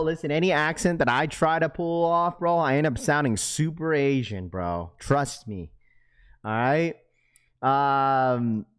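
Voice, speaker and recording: Reading viewer comments aloud on an informal live stream, a young host fires back slangy banter in a clean tone. When he gets excited, his voice climbs loud and high.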